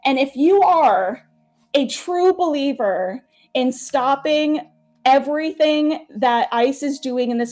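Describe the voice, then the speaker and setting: A woman's voice: fairly high pitch, darkish tone. Upbeat woman hosting a charity stream. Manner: upbeat, grateful, chatty with fillers. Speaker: game master and stream host. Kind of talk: announcing charity stream incentives.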